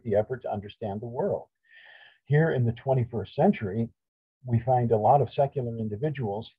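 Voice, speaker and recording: A man's voice: medium pitch, slightly rough, dry recording. A middle-aged man lecturing a church audience, emphatic, asking questions and answering them himself. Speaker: creation science speaker. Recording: tinny phone-like audio.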